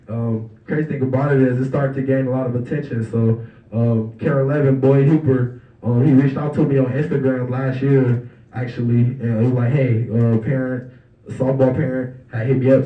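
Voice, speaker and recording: A young man giving a casual, storytelling speech as guest speaker at a banquet, relaxed and conversational, acting out the voices of people in his stories. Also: mid-range voice. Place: banquet hall. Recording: roomy, distant, dull hall recording.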